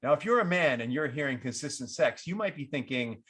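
A man's voice: fairly quick, husky. A man giving relationship advice, acting out what partners might say in a livelier voice. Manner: animated, acts out quoted partners with lifted pitch. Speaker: relationship advisor. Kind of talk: advice talk to camera.

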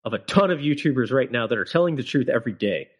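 A man's voice: medium pitch, lively intonation, quick pace, husky, dull audio. A man co-hosting a podcast, ranting with emphatic, profane opinions and frequent filler words. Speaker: podcast co-host. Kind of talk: casual podcast chat.

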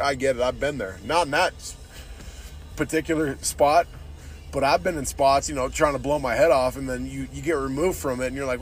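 Profane, blunt man ranting on a podcast. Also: medium pitch. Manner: profane, says "dude" constantly; blunt and opinionated. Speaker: podcast host. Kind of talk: casual podcast rant.

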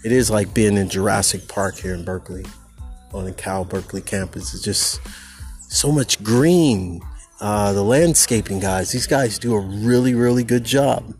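A man's voice: lowish voice, normal speed, soft background music. A man hosting a podcast, recording a casual, preachy monologue outdoors on a campus. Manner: preachy, animated, talks to listeners as people. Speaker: podcast host. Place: outdoors on a campus among trees and birds.

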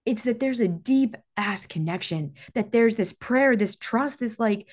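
A woman's voice: on the high side, animated, measured pace, few pauses, darkish tone. A woman in her thirties hosting a motivational podcast, talking intensely with emphatic repetition and frequent swearing. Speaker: podcast host. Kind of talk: motivational monologue.

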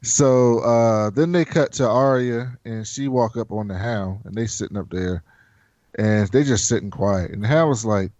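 A man hosting a casual chat, recapping a show in a profane, animated way and acting out the characters' lines. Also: mid-range voice, normal speed, no room sound, dull audio. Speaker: podcast host.

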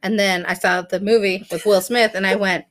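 A young woman co-hosting a casual podcast, telling animated stories and laughing often. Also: medium pitch, fairly quick. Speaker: podcast co-host. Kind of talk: casual chat.

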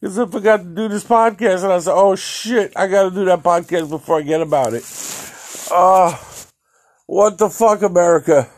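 A man's voice: high voice, normal speed. A middle-aged man hosting a solo podcast, ranting in a profane, exasperated way and laughing in disbelief. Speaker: podcast host.

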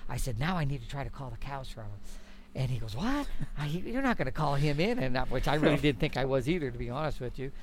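A middle-aged man telling a story in conversation, animated and folksy, acting out quoted dialogue. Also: medium pitch, fast, slight background noise. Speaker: guest elk hunter.

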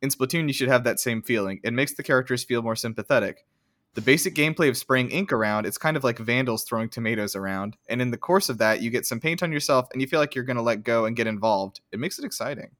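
A man talks through a loose podcast chat, piling on fillers and the odd swear word. His voice sits in an ordinary middle pitch. The sound is dry and close, with no room behind it. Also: fast, fairly bright tone, no room sound. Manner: rambling, filler-heavy, swears casually. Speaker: podcast co-host. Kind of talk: casual chat.

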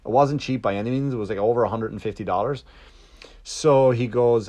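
Brisk and a little mellow, this medium-pitched man winds his way through a long, casual story. He curses liberally, starts over again and again, and plays out what the other side said.

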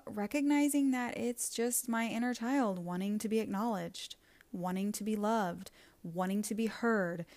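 Woman podcast host, earnest and reflective, even mid-range voice, dry recording. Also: mid-range voice, no echo. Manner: earnest, reflective, speaks in repeated lists. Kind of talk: reflective solo podcast talk.

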